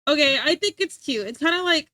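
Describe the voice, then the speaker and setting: American woman streamer in her twenties, high voice, dry close sound, animated rambling chat. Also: dry recording. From United States. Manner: animated, rambling, quick to laugh. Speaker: livestreamer. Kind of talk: casual chat with viewers.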